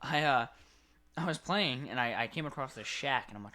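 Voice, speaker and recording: A young man co-hosting a casual podcast, telling game stories with lively acted-out voices. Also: mid-range voice, a little fast. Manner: animated storyteller, acts out game characters. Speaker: podcast co-host. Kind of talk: casual chat.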